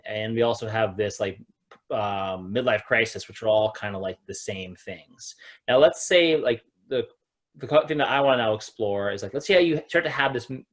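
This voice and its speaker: A man co-hosting a casual spiritual discussion as a yoga teacher, framing long questions in a rambling, hesitant way with frequent fillers, and reading viewer comments. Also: mid-range voice.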